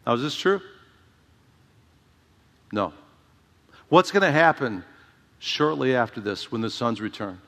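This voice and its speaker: A male pastor preaches through a passage with a bright, forceful delivery. He repeats words and calls out "Amen?" to his listeners. His voice carries a long, echoing hall reverb. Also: medium pitch, sing-song, unhurried, pauses often. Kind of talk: expository sermon.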